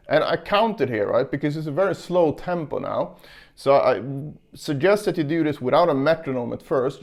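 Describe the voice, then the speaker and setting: A young man teaching a casual guitar lesson, explaining technique in a relaxed way and counting beats aloud. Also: medium pitch. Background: guitar playing.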